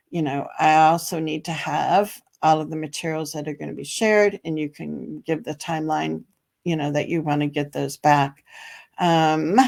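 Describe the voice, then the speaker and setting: A middle-aged woman with a slightly low voice hosts a live advice show. She talks in a chatty, practical way, with filler words and small laughs, as she answers viewers' comments. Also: darkish tone. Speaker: special education advocate and host.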